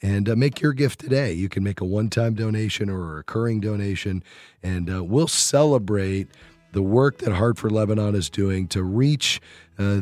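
A man with a scratchy, hoarse voice hosting a faith-based money radio show, earnestly appealing for donations with frequent pauses. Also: on the low side, a little mellow, no room sound.

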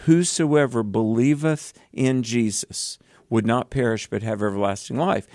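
A man with a Southern US accent, co-hosting a Bible teaching program and explaining scripture in an animated, earnest way with emphatic bursts. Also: medium pitch, a little slow, no echo, studio quality. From American South.

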